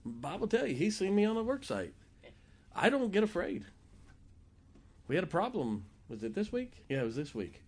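A male pastor preaching a sermon, telling stories in an animated, jokey way and acting out the quotes. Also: high voice, moderate pace, long pauses, slightly rough. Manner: animated, jokey storyteller who acts out quotes. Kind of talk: sermon storytelling.

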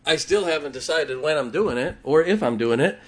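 A man preaches a little fast, his voice on the high side, as he tells sermon stories with animation. He's a pastor who acts out the voices of the people in each tale.

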